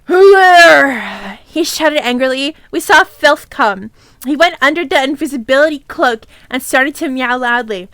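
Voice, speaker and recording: A woman's voice: sits high, normal speed, sharp tone, no echo, studio quality. A woman streamer reading a fanfic aloud, irreverent and swearing, with giggly asides.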